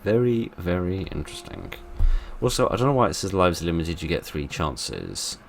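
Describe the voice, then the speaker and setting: A man narrating a game playthrough, with theatrical polite exasperation that swings from loud outbursts to quiet murmurs. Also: sits low, big pitch swings, moderate pace, gravelly, a little hiss or hum. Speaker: gaming video host. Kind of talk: let's play commentary.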